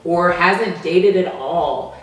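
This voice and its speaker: A woman relationship coach, a guest in a casual chat, who gives advice in a calm, measured way. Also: fairly low pitch, recorded from a distance. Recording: echoey room, voice from off-mic.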